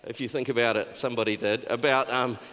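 A man's voice: medium pitch, steady tone, fast, a bit bright. A man preaching a sermon in a loose, conversational way, with frequent restarts and acted-out quotes. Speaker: pastor. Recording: long hall reverb.

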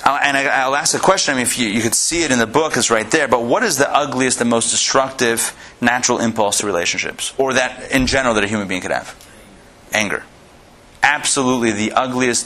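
Bright-voiced male rabbi lecturing a class. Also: mid-range voice, brisk. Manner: conversational, repeats and restarts, tells jokes. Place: classroom with a live audience.

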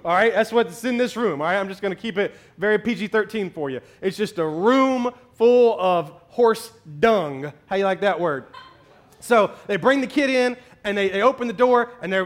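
High-voiced male pastor preaching. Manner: storytelling, building to emphatic exclamations. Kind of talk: sermon.

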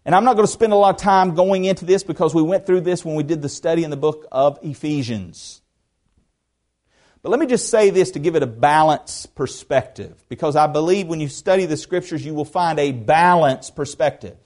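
A man preaching a verse-by-verse sermon in an earnest, conversational way. His voice sits a little high for a man. He swings from emphatic peaks down to quiet, low asides and poses rhetorical questions to his listeners. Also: brisk. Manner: earnest preaching that swings between emphatic rises and soft drops. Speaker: pastor. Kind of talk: expository sermon.

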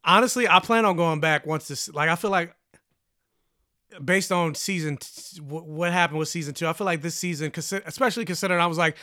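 A male podcast co-host chats in an offhand way, often breaking off and restarting his thoughts. His voice is high with a bright, forceful edge. The sound is dry and close to the mic. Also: a little fast, no echo. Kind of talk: casual podcast chat.

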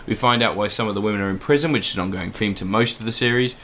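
Man, podcast co-host, bright forceful voice, rambling excitable casual review chat. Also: lowish voice, rapid-fire, slight background noise.

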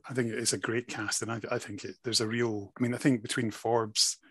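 A man hosts an interview in a chatty, friendly way, his voice a little husky. The sound is dry and close, with no room around it. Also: mid-range voice, flat delivery, fairly quick, a bit bright, no echo. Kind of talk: casual interview questions.

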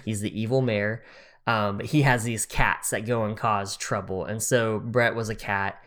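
A slightly bright, lowish male voice with fairly even intonation speaks at normal speed. He's a podcast co-host in his thirties who rambles through chatty stories, filling them with fillers and laughing often.

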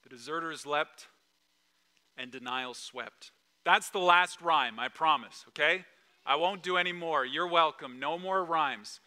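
Bright-voiced male preacher telling a story. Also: fairly high pitch, a little slow. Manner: storytelling, acts out quoted lines, drops to a hush at solemn moments. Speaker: pastor. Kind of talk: sermon.

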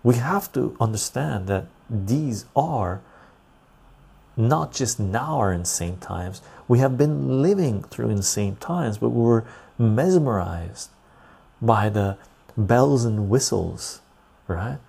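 A man's voice: mid-range voice, animated, slow pace, creaky, mellow, breathy edge. A man hosting a casual livestream, reading chat aloud and rambling loosely. He sounds tired and laughs easily.

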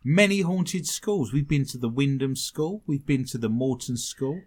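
A man's voice: medium pitch, darkish tone, breathy edge. A man hosting a comedy podcast, stretching words out for dramatic effect. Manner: theatrical, drawn-out dramatic delivery. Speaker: host.

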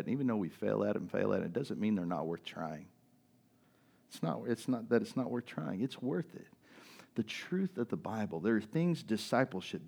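A male pastor preaching a sermon in a conversational, repetitive style, calling for responses from the congregation. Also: mid-range voice.

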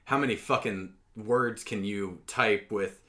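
A man co-hosting a casual podcast, animated and profane, breaking into loud mock voices. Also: lowish voice, measured pace. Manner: animated, swears a lot, shouts mock voices. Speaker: podcast co-host.

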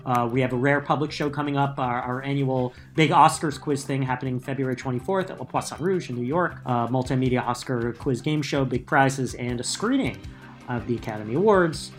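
A man co-hosting a podcast, arguing his point insistently and joking along the way. He speaks at an ordinary mid pitch in loose, casual chat. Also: fairly quick, faint music behind. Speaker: podcast co-host, trivia show host.

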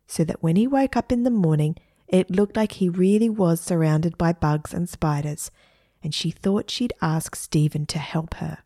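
A woman narrating a children's story expressively, dropping to hushed asides. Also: deep voice, no echo, clean studio sound.

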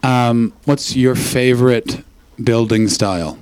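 A man's voice: medium pitch, takes it slowly, a little mellow, clear, resonant tone, no echo. A man from Canada doing profane, teasing crowd work as a stand-up comedian on a club stage. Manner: crude, teasing, profane banter.

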